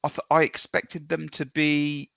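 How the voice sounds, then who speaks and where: Gravelly bright-voiced man chatting. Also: fairly high pitch, monotone, unhurried, no room sound. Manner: rambling with many ums and restarts; blunt, swears freely. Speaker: co-host. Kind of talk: casual sports podcast chat.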